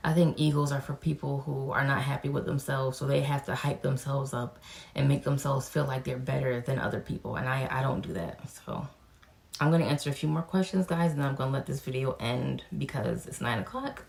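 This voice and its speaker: A woman's voice: a bass voice, a little fast, creaky. A young woman, chatting frankly and casually as a vlogger answering viewer questions, cursing now and then. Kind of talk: casual Q&A vlog.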